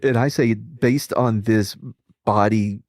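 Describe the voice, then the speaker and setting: A man's voice: lowish voice, fairly even intonation, takes it slowly, a little mellow, dry recording, studio quality. A man hosting a casual reaction chat, rambling and profane, laughing often and restarting his sentences. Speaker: streamer host.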